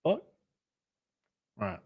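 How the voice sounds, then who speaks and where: A young man casually chatting on a livestream while reading chat. He is loose and profane, uses lots of fillers and suddenly jumps way up in pitch for jokes. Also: slow, phone-quality sound. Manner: animated, pitch jumps up sharply on bits.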